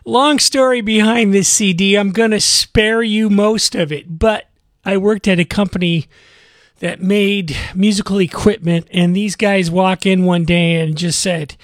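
A man's voice: sits high, steady tone, unhurried, dry recording, studio quality. A man hosting a community radio music show, chatting casually and rambling between songs. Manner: rambling, self-correcting, chatty.

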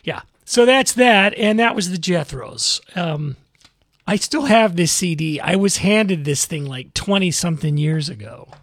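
A man's voice: sits high, lively intonation, a little slow, dry recording. A man hosting a community radio music show, chatting casually and rambling between songs. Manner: rambling, self-correcting, chatty.

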